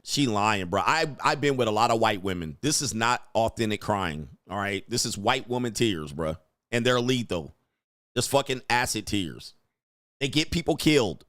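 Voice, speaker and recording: A man's voice: on the low side, lively intonation, moderate pace, a bit bright, no echo, clean studio sound. A man hosting a reaction commentary, talking bluntly and emphatically with a lot of profanity. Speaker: commentary host and coach.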